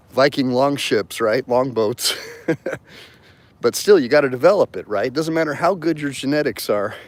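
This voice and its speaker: A man in his fifties, an attorney, chatting casually and jokingly on a live stream outdoors on a cold morning, laughing often. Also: medium pitch. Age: 50s.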